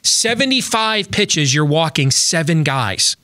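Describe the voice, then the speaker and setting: A man's voice: on the high side, animated, unhurried, sharp tone, no echo, studio quality. A man hosting a sports talk show, chatting casually about baseball with lots of fillers and restarts.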